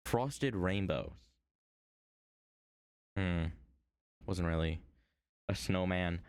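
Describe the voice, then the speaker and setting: A man's voice: fairly low pitch, animated, unhurried, long pauses, clear, resonant tone, no echo, clean studio sound. A man streaming himself woodcarving at home, chatting to viewers in a rambling, playful way. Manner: rambling, playful, talks to chat. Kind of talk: casual chat while woodcarving.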